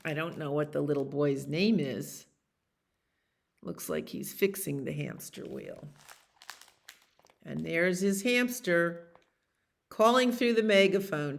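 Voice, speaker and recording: Slow, expressive storytime librarian woman. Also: low voice, creaky. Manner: gentle, expressive, chatty asides to children. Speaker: children's librarian. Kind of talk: bedtime story read-aloud.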